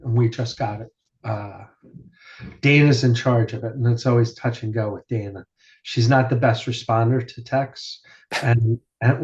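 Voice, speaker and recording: Casual male podcast host, mid-pitched, rambling storyteller, lo-fi mic. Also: darkish tone. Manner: rambling storyteller, swears casually, many fillers. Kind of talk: casual chat. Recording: dull lo-fi sound.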